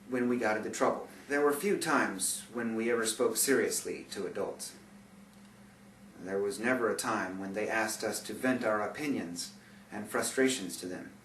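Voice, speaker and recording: A man reading his own memoir aloud, sardonic, with bitter asides, in a recording with a roomy, distant sound and faint hiss. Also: on the low side. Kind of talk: audiobook memoir narration.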